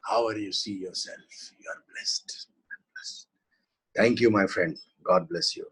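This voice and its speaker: A man's voice: fairly low pitch, expressive, a little slow, vocal fry, fairly bright tone, slightly rough, rough recording. A man with an Indian English accent, a spiritual teacher giving an earnest, devotional webinar talk in short repeated phrases over a video call. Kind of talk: live webinar talk with guided meditation.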